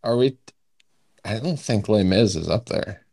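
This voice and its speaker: Low-voiced man guessing trivia. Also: animated, measured pace, gravelly, darkish tone, husky, no echo. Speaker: podcast co-host, contestant. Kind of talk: casual podcast banter.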